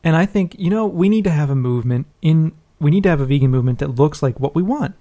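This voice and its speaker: Mellow-voiced blunt male podcast host. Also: fairly high pitch, animated, fast. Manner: blunt, profane, opinionated. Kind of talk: casual talk show commentary.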